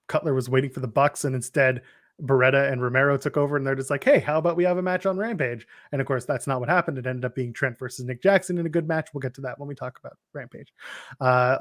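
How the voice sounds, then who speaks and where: A man whose voice is a little high co-hosts a wrestling podcast, rambling through match recaps with wry jokes in casual wrestling chat. The studio sound is clean, with no room sound.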